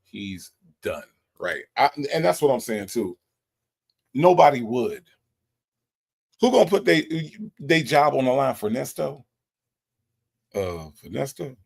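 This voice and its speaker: Casting: male livestream host, gravelly voice, sassy and emphatic, repeats his punchlines. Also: medium pitch, very animated, a little slow, long pauses, a little mellow. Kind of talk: livestream commentary reading chat.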